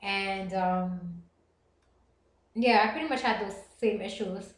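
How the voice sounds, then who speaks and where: Middle-aged Puerto Rican Bronx woman, livestream host, rapid chatty delivery, roomy echo. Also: mid-range voice. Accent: Puerto Rican Bronx New York. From the Bronx, New York. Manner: fast-talking, chatty and reassuring. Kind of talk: casual chat reading viewer comments.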